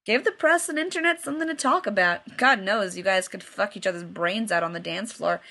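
A woman's voice: medium pitch, brisk. A woman reading aloud and voicing a cocky, crude young man who teases his friend. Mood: mocking. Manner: loud, mocking, swearing freely.

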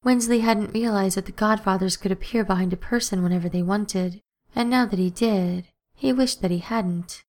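A woman narrating an audiobook in a steady, even storytelling manner. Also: medium pitch, normal speed.

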